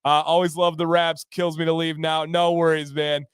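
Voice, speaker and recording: An upbeat man hosting a casual livestream, chatting with his viewers in a playful way. His voice sits high and comes across smooth and resonant. The sound is close and dry, with no room echo. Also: flat delivery, moderate pace. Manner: upbeat, reads chat aloud and breaks into playful raps. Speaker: livestream host.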